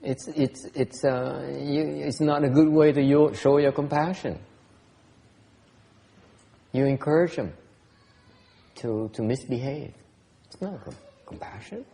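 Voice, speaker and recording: A man's voice: mid-range voice, slow pace, gravelly, pauses often, mellow, big-room sound. A man giving a Dharma talk as a Buddhist teacher, answering questions bluntly and teasingly, often laughing and repeating words.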